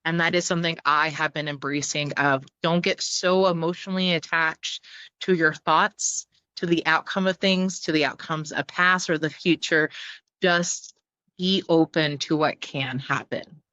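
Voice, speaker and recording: A woman's voice: sits low, steady tone, unhurried, pushed and bright, clean tone, no echo, muffled recording. A woman talking as a podcast guest in casual conversation, chatty and full of fillers, with the odd swear. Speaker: podcast guest, clowning teacher.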